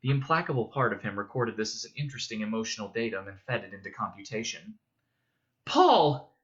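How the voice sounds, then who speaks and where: A man reading a novel aloud in a measured, steady narration. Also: on the low side, lo-fi sound. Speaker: reader. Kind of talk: audiobook narration.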